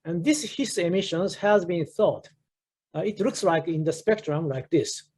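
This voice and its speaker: A man's voice: high voice, unhurried, darkish tone, breathy edge. A man in his sixties with a Japanese accent, a professor giving a research lecture with many fillers and restarts. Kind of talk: academic lecture.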